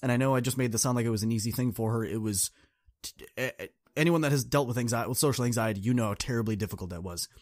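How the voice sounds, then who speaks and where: A man's voice: medium pitch, fast talker, no room sound, studio quality. A man hosting a podcast, telling a coaching story in an earnest, direct, casual way. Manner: earnest, direct, addresses listeners as y'all. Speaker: podcast host and student coach.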